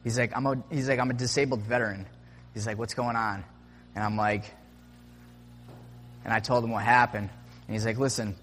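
A man's voice: fairly low pitch, steady tone, fairly quick, pauses often, fairly bright tone, a little hiss or hum. A young man telling a personal story in a casual, rambling way, filling it with "like" and acted-out quotes. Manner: rambling, full of "like" and "I'm like" quotes. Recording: long reverb.

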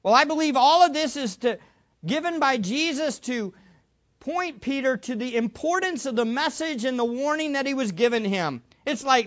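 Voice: high voice, animated, moderate pace, fairly bright tone, lo-fi sound. A preacher giving a sermon in an emphatic way, repeating key phrases and asking the listeners rhetorical questions.

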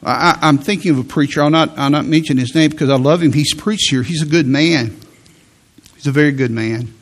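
A male preacher, delivering a sermon in a slow, emphatic way and quoting scripture. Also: on the high side.

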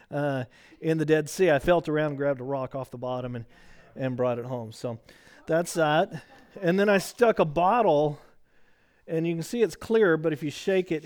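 A man's voice: on the high side, darkish tone. Chatty rambling male Bible study teacher. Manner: chatty, rambling, joking, many fillers and restarts. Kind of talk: casual teaching to a small group. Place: church classroom.

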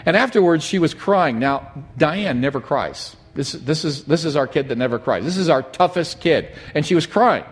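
A middle-aged man preaching a sermon, telling a personal story in an animated, emphatic way. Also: fairly high pitch, normal speed, few pauses. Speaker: pastor.

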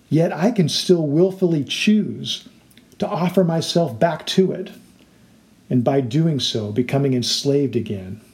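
A man's voice: medium pitch, creaky, darkish tone. Earnest male pastor preaching a sermon. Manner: earnest and illustrative, acting out quoted voices.

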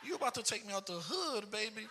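A woman's voice: mid-range voice, big pitch swings, fast talker, noisy background, pitched above the performer's own voice, natural voice. A man imitating his wife as a playful, flirty woman, teasing her husband.

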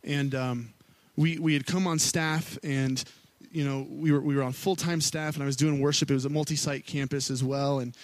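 A worship pastor preaching a sermon, a man telling the story in a relaxed, conversational way with plenty of filler words. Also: medium pitch, moderate pace. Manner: casual and storytelling, with many fillers, acting out quotes.

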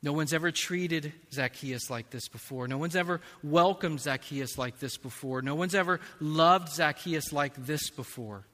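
A man preaching a sermon as pastor, slow and emphatic, swinging between hushed and loud passages. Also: a little high. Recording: long reverb of a large hall.

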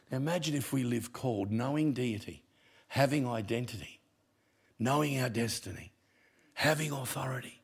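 Gravelly preacher man. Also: medium pitch, normal speed, long pauses. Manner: punchy preaching with humour and sudden drops to quiet. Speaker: pastor. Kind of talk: sermon.

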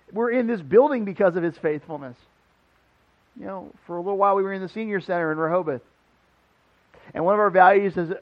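A high-voiced man preaching in a church, a pastor who tells his sermon as a loose, animated story. He talks casually and leans on "like" as he goes. The sound is somewhat dull and lo-fi. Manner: conversational, animated, many "like" fillers. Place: church building.

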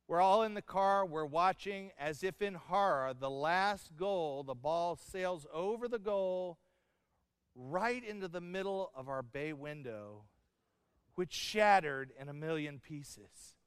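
High-voiced male pastor, smooth and clear. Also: expressive, takes it slowly, no room sound, studio quality, in a large hall. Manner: storytelling with humor and acted-out quotes. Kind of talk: sermon.

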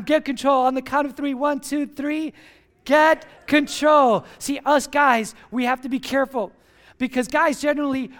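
A man preaching with a strikingly high voice and lots of energy. He punches key words and leads the congregation in call-and-response, counting them in. It sounds like a pastor rallying his church family. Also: a bit bright. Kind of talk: sermon.

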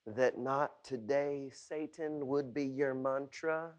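A male pastor preaching a sermon, swinging from shouted lines to hushed whispers with drawn-out emphasis. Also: medium pitch, steady tone, highs cut off. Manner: drawn-out, emphatic delivery to the congregation.

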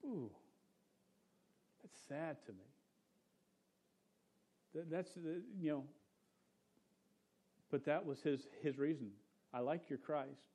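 A young adult man giving a casual sermon as a pastor, talking loosely with lots of "dude" and "man," and trailing off quietly at the ends of his points. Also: on the high side, lively intonation, slow pace, long pauses.

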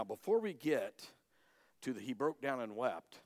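A male pastor preaching a sermon dramatically, swinging between loud emphasis and hushed lines. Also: mid-range voice, very animated, measured pace, long pauses. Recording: echoey hall.

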